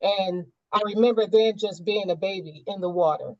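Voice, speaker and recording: A woman's voice: medium pitch, normal speed, darkish tone, no room sound, muffled recording. A woman sharing a personal experience in a group coaching session, reflective and searching, with many fillers.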